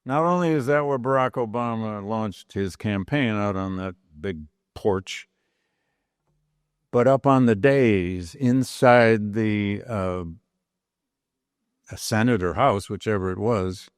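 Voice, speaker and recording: An older man, a history professor, giving a university lecture with lively storytelling and dramatic read-out quotes. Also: lowish voice, slow, pauses often, clean tone, no room sound, clean studio sound. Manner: storytelling lecturer, animated quoting of historical speeches. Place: large chapel lecture hall.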